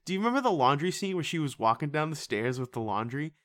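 A podcast co-host reviewing a horror movie in casual chat, animated, swearing and laughing often, with many fillers. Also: mid-range voice, fast talker.

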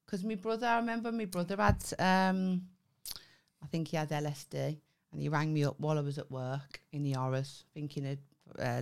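A woman's voice: low voice, clean tone. A woman co-hosting a podcast in casual chat, swearing freely, laughing often and acting out what people said. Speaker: podcast co-host.

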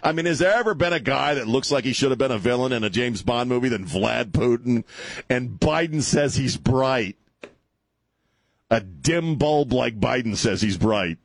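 A man's voice: mid-range voice, animated, moderate pace, creaky, dry recording. A male talk radio host ranting and mocking on a call-in show, laughing at his own jokes. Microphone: studio microphone.

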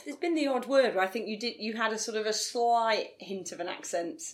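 A woman interviewer with an animated, lively voice. She keeps the guest going with quick agreement and easy laughter. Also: fairly high pitch. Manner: encouraging, frequent backchannels and laughs. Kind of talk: interview chat.

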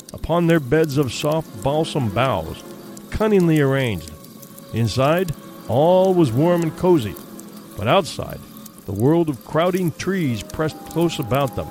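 A man narrating a ghost story as an audiobook, in a measured, steady storytelling manner. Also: mid-range voice.

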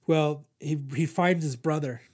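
Young male host, slightly high voice, loose and swearing, lots of restarts. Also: unhurried, a little mellow. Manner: rambling, profane, lots of fillers and restarts. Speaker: podcast host reviewing comics. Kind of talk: casual chat.

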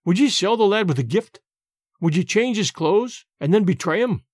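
A man reading an audiobook, voicing a stern, proud Highland man loyal to his friend. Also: lively intonation, moderate pace, dry recording, clean studio sound.

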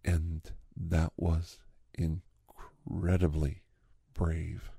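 Deep, gravelly man in whispered role-play. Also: little pitch movement, extremely slow, no room sound, studio quality. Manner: rambling, sentimental, earnest praise with soft whispered asides. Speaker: host playing a doctor character.

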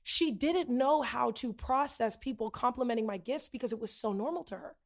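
A woman hosting a casual podcast chat, animated and laughing often, slipping into playful character voices. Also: fairly high pitch, brisk. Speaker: podcast host.

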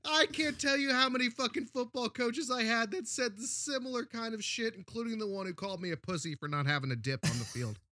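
A young man co-hosting a podcast, telling crude stories in a profane, animated way. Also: very high-pitched, fairly quick, few pauses, no room sound, studio quality. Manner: profane, animated, laughing storyteller. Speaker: podcast co-host. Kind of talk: casual crude storytelling.

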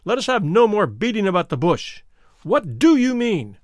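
A man playing a fierce, forceful explorer. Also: sits high, big pitch swings, fairly quick, no echo, clean studio sound. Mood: indignant. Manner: forceful, indignant outbursts. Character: fierce, menacing middle-aged male explorer. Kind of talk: dramatic audiobook reading.

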